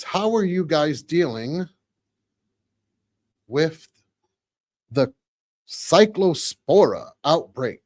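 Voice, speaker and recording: A man in his forties hosting a podcast live, chatting casually with viewers, reading comments and repeating phrases excitedly. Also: a little high, extremely slow, long pauses, no echo. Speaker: podcast host.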